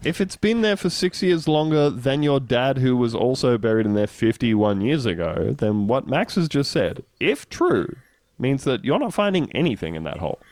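A man co-hosting a comedic podcast, reading a news story aloud and laughing often between low, dry asides. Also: big pitch swings, moderate pace, a little mellow, dry recording. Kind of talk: casual comedic chat.

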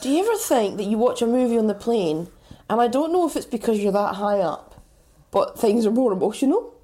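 A woman cohosting a chatty podcast, her voice mellow and warm. She delivers blunt opinions and teasing remarks in a dry, offhand way. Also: a little high, expressive, brisk. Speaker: podcast co-host. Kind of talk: casual banter podcast.

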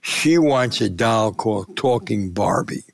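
An older man, a sportswriter, telling lively anecdotes in an interview and acting out the quotes. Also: on the low side, unhurried, creaky, no room sound, studio quality. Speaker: sportswriter and columnist. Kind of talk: storytelling in a conversational interview.

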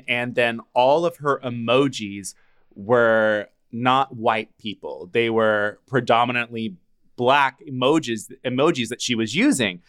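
A man co-hosting a podcast who tells gossip as a story in casual chat. He acts out the lines he quotes as he goes. His voice sits at an ordinary middle pitch. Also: a bit bright. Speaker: podcast co-host.

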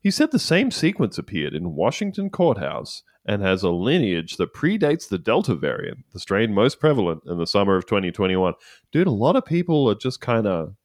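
Low-voiced deadpan man, comedy podcast. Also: normal speed, no echo, clean studio sound. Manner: reads news aloud with deadpan jokes. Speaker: podcast host.

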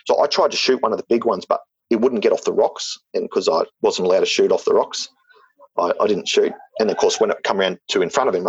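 Aussie guy rambling thru a story, um and like everywhere, kinda husky, muffled dry audio. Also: lowish voice, dry recording. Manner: rambling, lots of "like" and "um", restarts. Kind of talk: casual spoken anecdote.

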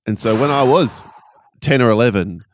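A man co-hosting a casual podcast chat, quick to laugh. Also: mid-range voice, expressive. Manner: laughing, exclamatory. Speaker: podcast co-host.

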